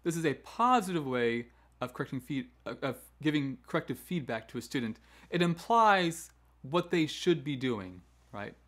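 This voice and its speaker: Speaking at a moderate pace with barely any pauses, this man has a fairly bright, expressive voice on the higher side. As host of a choral education lesson, he explains classroom management conversationally, with frequent "right?" asides and restarts, and acts out commands firmly with falling inflection.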